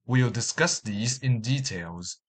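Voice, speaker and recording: Male language instructor, scripted lesson narration; slow, measured delivery, slightly husky tone. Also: medium pitch, lively intonation. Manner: slow, deliberate, reading out example words and sentences. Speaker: language teacher.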